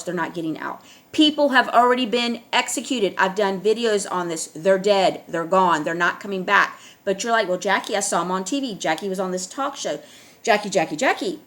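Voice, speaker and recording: A woman's voice: medium pitch, a bit bright. A middle-aged woman talking straight to her viewers in a casual monologue, insistent and pressing her points with repeated checks like "all right?". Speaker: online video host.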